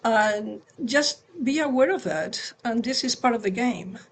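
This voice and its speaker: A woman co-hosting a spiritual talk on parenting, speaking in a gentle, conversational way over a video call. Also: a little high, animated, a little slow, slight background noise. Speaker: satsang co-host and parent.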